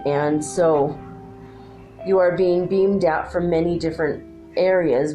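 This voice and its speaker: A woman speaking as a collective alien council in a channeled message, slow, measured and formal. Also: low-pitched, darkish tone.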